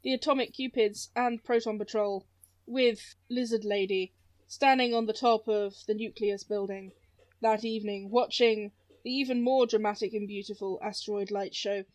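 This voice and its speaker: A woman's voice: mid-range voice, steady tone, normal speed, a little mellow. A woman narrating a tabletop superhero game as game master, playful and teasing, often breaking into laughter.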